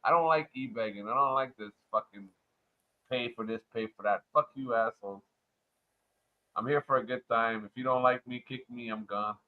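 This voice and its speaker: A man from Montreal ranting crudely and loudly in a casual livestream chat. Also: medium pitch, moderate pace. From Montreal, Canada. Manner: loud, profane, swaggering rant. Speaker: livestream panel guest. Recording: muffled lo-fi online audio.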